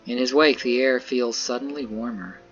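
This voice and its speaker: A man's voice: medium pitch, fairly even intonation, moderate pace, lo-fi sound, faint music behind. A man narrating a dramatic visual novel in the first person, earnest and tense.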